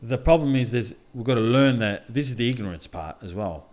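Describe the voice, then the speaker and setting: Animated and fairly quick, this man's mid-range voice has a darkish tone. He's middle-aged, a podcast co-host and mindset coach, telling his own stories in casual, blunt podcast chat full of swearing.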